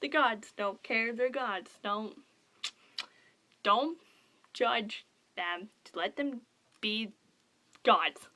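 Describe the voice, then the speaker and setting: A young woman in a casual book review vlog, gushing and excitable, rambling with lots of fillers. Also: fairly high pitch, very slow, long pauses. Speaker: book vlogger.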